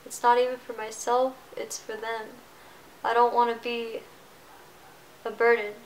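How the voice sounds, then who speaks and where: A woman in her twenties talking to camera about something personal, halting and emotional, with many restarts. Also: on the high side, little pitch movement, slight background noise, low-quality recording. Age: 20s. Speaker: vlogger. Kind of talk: personal vlog confession.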